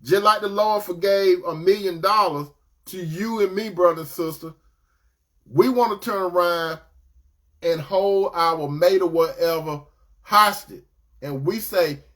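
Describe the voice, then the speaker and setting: A man's voice: high voice, unhurried, fairly bright tone. A man preaching a sermon in a conversational way, telling a parable and speaking to listeners as brother and sister.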